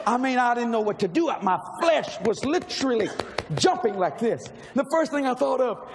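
A middle-aged man, telling a story in a sermon with animated energy, laughing and shouting at the peaks. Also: extremely high pitch, a little fast. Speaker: preacher. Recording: long reverb in a large hall, faint noise.

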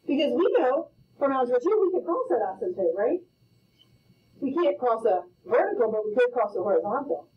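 A woman's voice: a little high, big pitch swings, a little fast. Playful woman teaching in a roomy classroom. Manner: playful, storytelling, frequent "okay?" check-ins. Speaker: math teacher. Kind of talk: classroom lecture. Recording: roomy, distant, muffled classroom audio.

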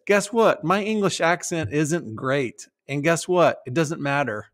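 A middle-aged man hosting a podcast, with a slightly high voice. He talks in a loose, animated way, laughs easily and drops into goofy character voices. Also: unhurried. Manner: animated, laughs often, slips into silly voices. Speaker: podcast host. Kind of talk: casual podcast chat.

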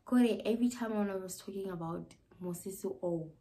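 A woman's voice: medium pitch, brisk, mellow, rough recording. A young South African woman with a South African accent, telling a personal story in a casual vlog, emotional and mixing English with Sesotho. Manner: emotional, mixing English with Sesotho, drops often to a near whisper. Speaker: YouTuber.

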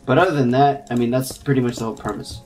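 A young adult in their twenties hosting a casual gameplay chat, excitable and quick to yelp when startled. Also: medium pitch, soft background music. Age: 20s. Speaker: gaming channel host. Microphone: computer mic with clicking keys.

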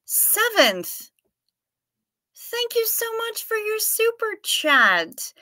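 A woman's voice: extremely high pitch, huge pitch swings, very slow, pushed and bright, no echo. A woman with a Minnesota accent hosting a livestream, chatting casually and reading viewer comments aloud in a playful way. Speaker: livestream host.

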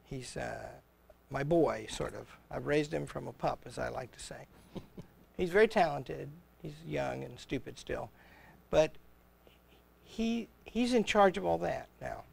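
A man's voice: a little high, lively intonation, a little slow, creaky, a little mellow, slightly rough. An older man, a college president, chatting casually and telling stories, often acting out the voices in his anecdotes. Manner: rambling storyteller, chuckles, acts out quoted exchanges. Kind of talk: casual conversation on a livestream.

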